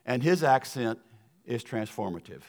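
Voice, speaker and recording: A man's voice: mid-range voice, lively intonation, normal speed, darkish tone. A middle-aged man from the American South with a Southern accent, giving a sermon as a guest speaker in a church, folksy and earnest, telling stories with asides to the congregation. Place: church sanctuary.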